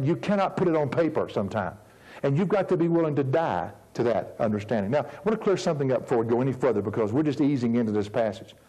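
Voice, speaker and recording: A man in his fifties, a pastor preaching a sermon in an earnest, emphatic way, slowing down to stress key words. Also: mid-range voice, dark tone, low-quality recording. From United States. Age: 50s.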